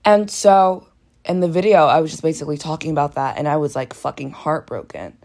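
A young woman in college with a croaky, dehydrated voice, candidly telling a raw personal story in a casual vlog. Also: sits low, a little fast, darkish tone. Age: young adult. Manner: candid, raw, frank storytelling with blunt language.

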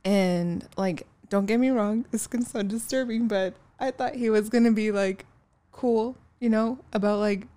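A woman's voice: mid-range voice, measured pace, warm tone. A young woman co-hosting a casual chat, blunt and sweary, laughing through her stories. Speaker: podcast co-host.

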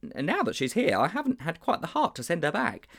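Man putting on a lovesick schoolteacher, stammering, fretful, swooping pitch, storybook voice. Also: huge pitch swings, brisk, creaky, fairly bright tone, full character voice. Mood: flustered. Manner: fretful, stammering, dramatic wailing. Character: flustered lovesick male schoolteacher, middle-aged.

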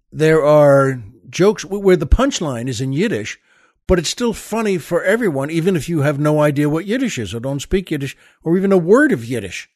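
A man's voice: a little high, darkish tone, no room sound, clean studio sound. A man from the New York area hosting a show, telling jokes and stories in a rambling, chatty way with lots of asides. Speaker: podcast host. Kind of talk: comic storytelling monologue.

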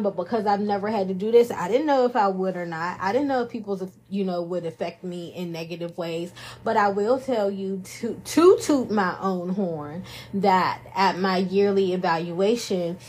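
A woman's voice: lowish voice, a little mellow, slight background noise. A woman hosting a podcast in casual chat, playful and jokey, talking into a studio microphone. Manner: playful, jokey, self-praising. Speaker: podcast host.

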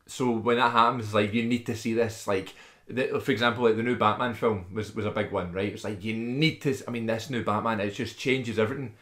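A man's voice: on the low side, fairly even intonation, brisk, fairly bright tone. A man in his twenties co-hosting a casual film podcast, chatting along easily and reading out film details. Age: 20s. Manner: conversational, reads out film facts, mild and agreeable. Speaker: podcast co-host. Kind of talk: casual chat.

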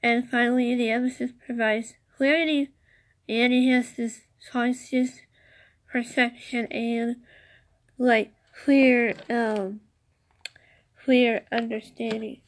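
Lady reading crystal notes real slow, lots of ums and restarts, gets excited in between. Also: on the high side. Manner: slow, halting reading with many fillers and restarts; enthusiastic, chatty asides. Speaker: podcast host. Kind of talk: casual solo podcast about crystals.

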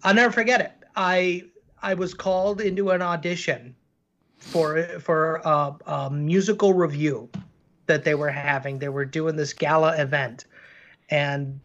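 Guy telling stories on a podcast, earnest, highish voice, kinda muffled lo-fi audio. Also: fairly even intonation, a little slow, fairly bright tone. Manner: earnest, storytelling, lots of fillers. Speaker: cartoon creator, guest. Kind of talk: casual podcast conversation.

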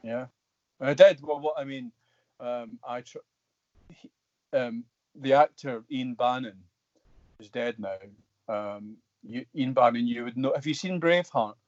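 A middle-aged Scottish man, an actor guest, telling stories in an animated, rambling way with many restarts. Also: mid-range voice, unhurried, long pauses, no echo, muffled recording. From Scotland. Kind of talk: casual storytelling interview.

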